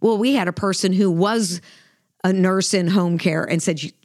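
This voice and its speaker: This faith podcast co-host, a middle-aged woman, tells a heartfelt personal story conversationally, earnest and emotional and full of fillers and restarts. Her voice is fairly low and a little mellow at normal speed, in a dry, studio-quality recording.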